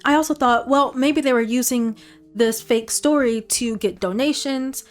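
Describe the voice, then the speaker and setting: A woman's voice: sits high, normal speed. A woman hosting a commentary video, reading online posts aloud with casual conversational asides. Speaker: commentary YouTuber.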